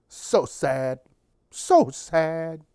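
Tired male podcast host, slow and profane, sarcastic solo rant, dry close mic. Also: a little high, big pitch swings, warm tone, clear, resonant tone, dry recording. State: tired, late at night. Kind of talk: casual solo monologue.

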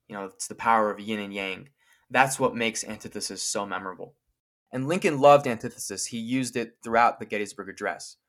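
A man co-hosting a podcast, explaining a famous speech in a clear, lecturing way and slowing down to quote lines from it. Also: lowish voice, a bit bright. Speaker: podcast co-host.

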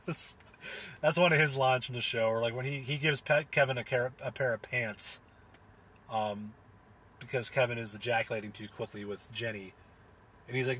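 A man's voice: mid-range voice, steady tone, normal speed, long pauses, sharp tone, husky. A young man chatting casually, rambling with lots of fillers and restarts, laughing and swearing as he recounts things. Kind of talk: casual solo chat recounting a comedy show.

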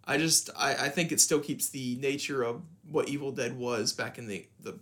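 A young man casually talking about a horror film as podcast co-host, in a loose, halting way with restarts. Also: mid-range voice, a bit bright. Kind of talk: casual film review chat.

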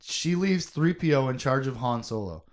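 A young man co-hosting a podcast and talking casually about a novel. His voice sits in an ordinary middle register. He is emotive and conversational, full of fillers and quick reactions. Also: medium pitch, lively intonation.

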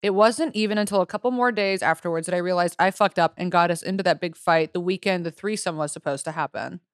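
Young woman podcast co-host, lower pitch, smooth clear tone, reads listener stories with joking asides, dry close sound. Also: fast, dry recording. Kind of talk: casual chat.

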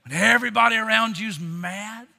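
A male pastor preaching a sermon with dynamic delivery, swinging between loud emphasis and hushed tones, often restarting words. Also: very high-pitched, expressive, moderate pace, long reverb tail.

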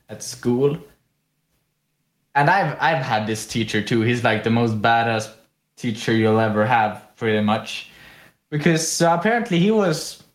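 A young man from Sweden chats casually as a podcast co-host, rambling through his stories and laughing often. His voice sits at a middle pitch. The room around him rings with noticeable echo. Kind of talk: casual chat, storytelling. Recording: echoey room.

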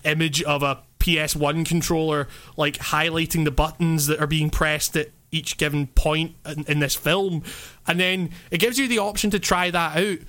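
Podcast host, male, bright upper-leaning voice, loose rambling delivery full of fillers and cursing. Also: a little high. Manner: rambling, lots of fillers and swearing; animated, laughing. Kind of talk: casual chat.

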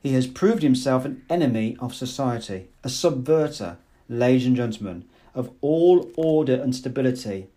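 A man doing a pompous middle-aged director in a storybook reading, lifting his mellow voice slightly and speechifying in a stern, accusing manner. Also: medium pitch, lightly acted.

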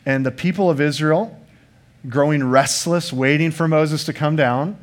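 A man's voice: fairly high pitch, normal speed. A pastor preaching a sermon to his congregation, earnest and emphatic, posing rhetorical questions and speaking to the listeners in conversational asides.

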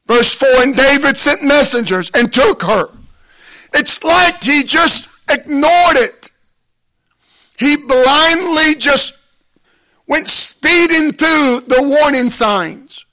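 A man delivers a sermon in a strikingly high voice, taking his time with long, deliberate pauses. He speaks with emphasis and builds into impassioned appeals, with a bright, forceful edge to his voice. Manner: measured, emphatic preaching with deliberate pauses, rising to impassioned exhortation. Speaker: preacher.

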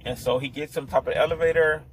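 A man's voice: fairly high pitch, steady tone, fast talker, slight background noise, rough recording. A man hosting a solo podcast, talking in a rambling, profane way that often restarts itself. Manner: rambling, profane, self-interrupting. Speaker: podcast host. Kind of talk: casual solo podcast monologue.

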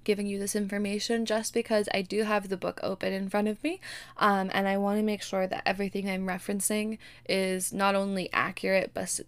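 A woman's voice: medium pitch, vocal fry. A young adult woman hosting a solo podcast, talking earnestly with frequent ums and self-corrections. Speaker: podcast host.

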